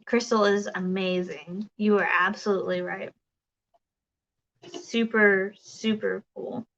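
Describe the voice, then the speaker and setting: A woman's voice: mid-range voice, fairly even intonation, slow pace, creaky, fairly bright tone, dull audio. A woman hosting a casual crafting livestream, chatting and reading viewer comments, rambling with many fillers and restarts.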